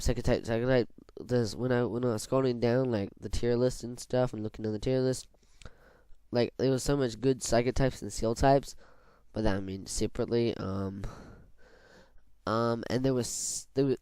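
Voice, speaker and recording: A young man talks through his draft choices in an unhurried, meandering way, stopping to correct himself and padding with fillers. His voice is smooth and clear, recorded dry and close with no room sound. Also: medium pitch, a little mellow, no echo. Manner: rambling, self-correcting, filler-heavy. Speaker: draft league organizer and player. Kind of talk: casual commentary on a team draft.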